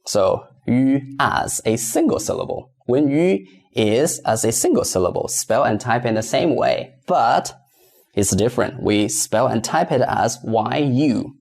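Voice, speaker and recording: A man's voice: mid-range voice, animated, unhurried, gravelly, darkish tone. A man teaching a step-by-step pinyin lesson, patiently repeating each word several times for learners. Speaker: Mandarin teacher.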